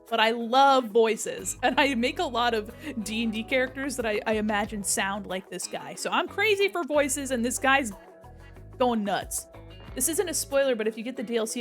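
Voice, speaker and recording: A woman's voice: a little high, a bit bright. A young woman streaming a game, giggly, joking and swearing as she comments. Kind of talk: casual let's-play commentary.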